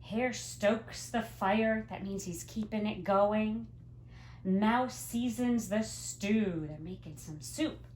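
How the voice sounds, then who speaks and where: A woman teacher reading a picture book aloud to young children, gently explaining words as she goes. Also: mid-range voice, slow, slight background noise. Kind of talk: storybook read-aloud to children.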